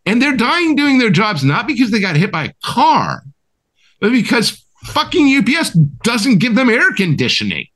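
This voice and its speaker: A man's voice: extremely high pitch, huge pitch swings, moderate pace, a bit bright. A man co-hosting a podcast, ranting with heated, emphatic and profane talk, often asking "right?". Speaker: co-host. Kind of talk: impassioned podcast rant.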